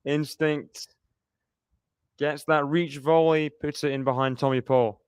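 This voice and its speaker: A man calls a tennis match live for his stream in a chatty, reactive way, laughing often and talking to the chat. His voice is smooth and clear. It is recorded dry on a close mic. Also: fairly high pitch, steady tone, slow, dry recording. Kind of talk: casual live play-by-play commentary.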